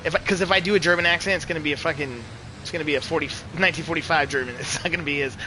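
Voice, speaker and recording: A young man streaming a racing game, chatting casually to his viewers with profane, excitable banter and frequent laughs. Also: fairly high pitch, very fast, slight background noise. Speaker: gaming streamer. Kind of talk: casual live commentary while playing.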